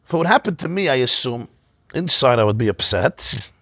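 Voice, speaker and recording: A man, a rabbi, giving an informal synagogue class, telling stories in a conversational, animated way. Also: mid-range voice, fairly quick, slightly rough, dry recording, clean studio sound. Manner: conversational, storytelling, animated asides.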